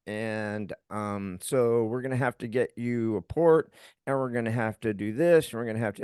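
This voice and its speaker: A man's voice: mid-range voice, moderate pace, a little mellow, clear, resonant tone, dry recording. A middle-aged man co-hosting a podcast, telling a personal story in a heated, profane way and acting out what others said. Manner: profane, heated, recounting events with acted quotes. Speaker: podcast co-host.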